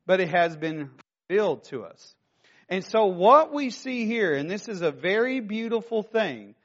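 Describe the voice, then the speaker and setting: A man delivers a sermon in a notably high-pitched voice, speaking conversationally as a pastor and peppering his teaching with rhetorical questions. The recording sounds slightly dull and lo-fi.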